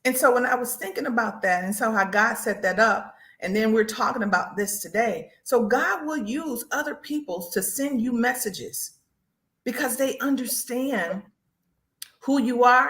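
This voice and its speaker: A woman hosting a faith broadcast. She tells a personal testimony, talks straight to her listeners and acts out what people said to her. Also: fairly high pitch. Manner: animated storyteller, acts out quotes, addresses listeners as y'all.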